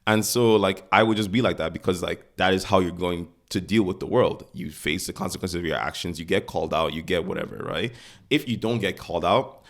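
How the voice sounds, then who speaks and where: A man's voice: low voice, a little fast. A man co-hosting a podcast, chatting bluntly and acting out quoted voices. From Nigeria. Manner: blunt, animated, acts out quotes. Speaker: podcast co-host. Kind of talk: casual chat.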